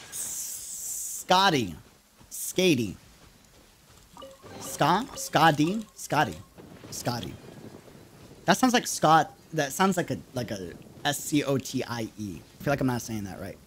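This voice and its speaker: A young man from New York City with a New York accent, chatting casually while streaming a game live and reacting loudly to the action. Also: mid-range voice, big pitch swings, brisk, few pauses, faint music behind. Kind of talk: live gaming stream chat.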